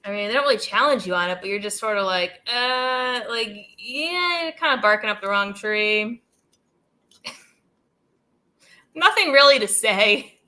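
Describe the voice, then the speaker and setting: Bright-voiced woman rambling casually. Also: medium pitch, animated, unhurried, long pauses. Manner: rambling, heavy use of "like" and "dude"; amused, laughs between thoughts. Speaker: channel host. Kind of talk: casual commentary chat.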